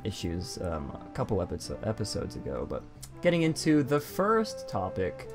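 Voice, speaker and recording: A man's voice: lowish voice, huge pitch swings, normal speed, over music. A man hosting a casual podcast, chatting loosely and poking fun at himself as he reads out quotes. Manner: chatty, self-deprecating, reads quotes aloud. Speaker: podcast host.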